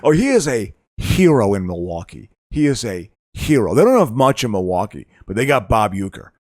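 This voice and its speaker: A man's voice: lowish voice, big pitch swings, moderate pace, no echo, studio quality. A man from the Chicago area hosting a podcast, rambling and laughing often as he chats. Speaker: podcast host. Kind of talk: casual chat.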